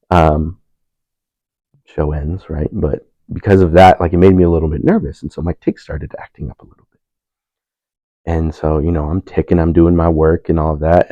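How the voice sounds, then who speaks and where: Deep-voiced young man telling a story. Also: creaky, no echo, muffled recording. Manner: relaxed, laughing, animated when quoting others. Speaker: panel speaker. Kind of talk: casual storytelling in a discussion.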